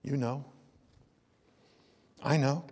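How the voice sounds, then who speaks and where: A man preaching a sermon as a pastor, in a conversational style that swings between hushed asides and loud emphasis. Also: medium pitch, fairly even intonation, drawn-out words, breathy edge, big-room sound. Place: church sanctuary.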